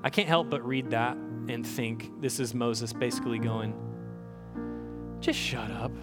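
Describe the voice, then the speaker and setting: A man preaching a sermon in an earnest, conversational way, often repeating words and pausing with fillers. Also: mid-range voice, long reverb tail. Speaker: pastor. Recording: music playing clearly behind the voice.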